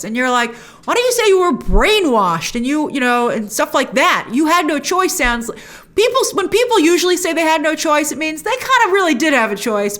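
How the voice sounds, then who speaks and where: A woman hosting a casual spoken review of a TV episode, acting out characters' lines and adding frequent asides. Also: a little high. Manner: animated, acts out characters' lines in quick voices.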